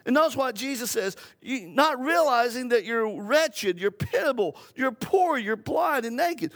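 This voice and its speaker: A man's voice: very high-pitched, lively intonation, measured pace, few pauses, a bit bright. A man preaching a sermon, building his points through emphatic repetition and frequent restarts. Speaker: pastor.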